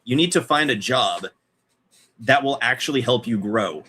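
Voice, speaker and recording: A male co-host in relaxed chat, blunt and jokey, with a bright, forceful tone. He swears freely while making his points. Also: mid-range voice, moderate pace, slightly rough. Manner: blunt, joking, swears when giving advice. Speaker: podcast co-host. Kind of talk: casual live-stream chat.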